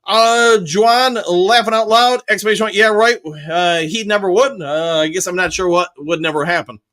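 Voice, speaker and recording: A high-pitched man hosts a live fan stream, reading out viewer comments one by one and replying in an upbeat, chatty way. His voice is bright and forceful, with plenty of casual fillers between thoughts. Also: normal speed. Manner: reads viewer comments aloud and answers them, upbeat, many fillers. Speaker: host of a live fan show reading chat.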